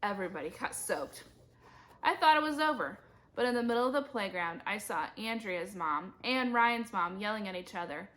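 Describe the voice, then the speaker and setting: Bright-voiced woman reading a storybook. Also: a little fast, hardly any pauses. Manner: lively, shouts characters' lines in high voices. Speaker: reader. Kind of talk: reading a children's chapter book aloud.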